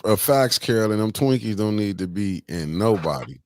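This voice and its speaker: A man's voice: lowish voice, expressive, normal speed, noisy background. A man co-hosting a casual live-stream chat, colloquial and laid-back, chuckling often. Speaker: co-host.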